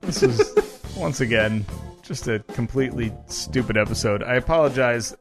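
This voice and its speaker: A young man of ordinary pitch co-hosting a podcast, joking and wry. He chats loosely with his co-host and runs through show plugs at a brisk clip. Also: over music. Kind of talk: casual podcast banter.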